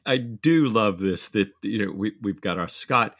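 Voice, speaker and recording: A man's voice: lowish voice, animated, unhurried, fairly bright tone, dry recording, clean studio sound. A man co-hosting a podcast, chatting enthusiastically about a novel, exclaiming and laughing. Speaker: podcast co-host. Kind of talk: casual book discussion.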